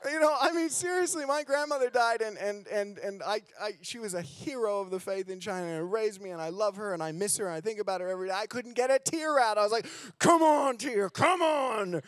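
A man preaching a sermon in a church, telling candid, self-mocking stories and swinging between loud emphasis and low, hushed lines. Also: a little fast, clear, resonant tone, no echo. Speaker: guest preacher. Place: church sanctuary.

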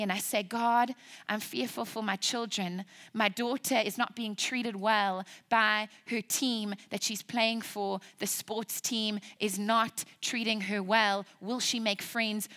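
A woman preacher delivering a sermon with a bright, forceful voice. She tells her stories with emphatic, lively animation and keeps the energy high for the room.

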